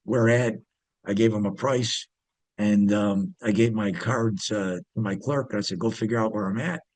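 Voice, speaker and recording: A man's voice: lowish voice, steady tone, normal speed, darkish tone, no room sound. A man, an interview guest, telling stories casually, rambling with many fillers and restarts. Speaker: interview guest, former pit trader. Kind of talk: casual storytelling.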